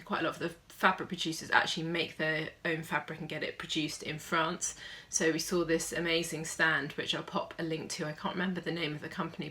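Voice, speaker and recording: A woman's voice: low voice, sharp tone. A young woman chatting casually to camera as a sewing vlogger, with plenty of fillers.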